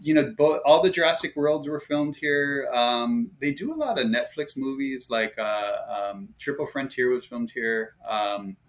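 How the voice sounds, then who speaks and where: A man from Hawaii who works on a ranch, chatting casually in an interview and telling stories with relaxed, frequent fillers. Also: medium pitch, measured pace, few pauses. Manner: storytelling, lively when amused. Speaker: ranch staff guest.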